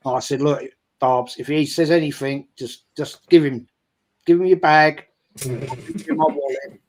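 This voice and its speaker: A man's voice: medium pitch, steady tone, normal speed, a little mellow. An older English man on a video call, telling a casual anecdote with lots of swearing, acting out the people he quotes. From England. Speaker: stream guest. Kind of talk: casual storytelling.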